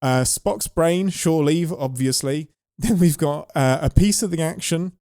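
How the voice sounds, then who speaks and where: A man co-hosting a podcast in casual chat, enthusiastic and quick to laugh. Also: fairly high pitch, darkish tone, no room sound, studio quality. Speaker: podcast co-host.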